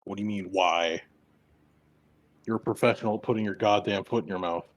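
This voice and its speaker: A man's voice: fairly low pitch, fairly even intonation, fairly quick. A man playing in a tabletop game, chatting casually and swearing while he schemes. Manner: profane, scheming, laid-back. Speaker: player.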